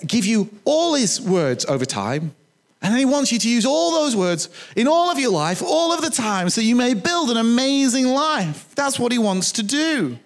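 Animated, lively male preacher. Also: high voice. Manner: animated, chatty preaching with humorous asides. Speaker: pastor. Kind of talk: sermon. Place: church.

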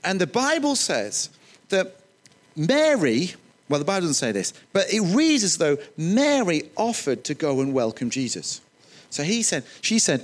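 Animated preacher man. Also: a little high, a little slow. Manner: animated, joking, self-deprecating asides. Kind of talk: sermon.

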